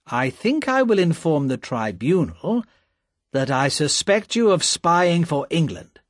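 A man reading aloud, voicing a calm, measured Englishman who speaks smoothly and quietly firm. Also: a little high, no room sound, studio quality, pitched above the performer's own voice.

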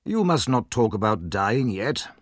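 A man voicing a weary male workhouse doctor who speaks briskly and matter-of-factly. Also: on the low side, very animated, no room sound, studio quality.

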